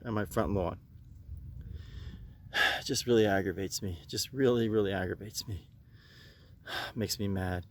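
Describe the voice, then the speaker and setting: Out in his yard pulling weeds, an older man rambles through a casual vlog, repeating himself and sighing as he becomes winded. Now and then he lets out coaxing high calls to his pet.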